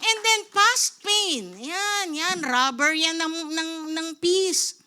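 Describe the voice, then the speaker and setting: A middle-aged woman pastor with a Filipino accent, preaching a sermon in a lively way and calling out "Amen?" to the congregation. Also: very high voice, slow. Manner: lively preaching, switching into Tagalog, calls of "Amen?".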